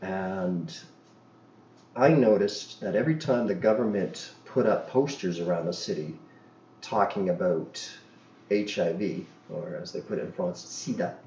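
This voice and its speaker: A man's voice: deep voice, unhurried, a little mellow, reverberant, lo-fi sound, slight background noise. A man from Canada hosting a podcast, telling crude anecdotes in a rambling way, full of fillers and restarts. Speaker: podcast host. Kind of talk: casual podcast chat.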